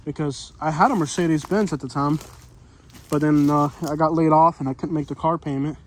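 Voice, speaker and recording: A winded man talks his way through hot, buggy woods, his voice sitting a little higher than most men's. He rambles in a folksy, casual way and keeps leaning on "you know." Faint outdoor ambience hums behind a camera mic. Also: steady tone, a little fast, a little hiss or hum. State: out of breath. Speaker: vlogger exploring homeless camps. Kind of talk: casual walking vlog narration.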